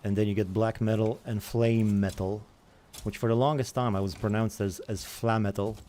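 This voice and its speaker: A man's voice: on the low side, steady tone, normal speed, warm tone, a little hiss or hum. A man giving rambling, self-mocking commentary while he plays a survival game and answers chat. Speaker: gaming streamer. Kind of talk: casual let's-play commentary.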